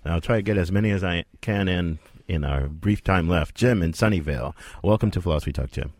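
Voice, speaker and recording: A man hosting a call-in radio talk show, briskly taking callers and wrapping up segments. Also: sits low, darkish tone, dry recording.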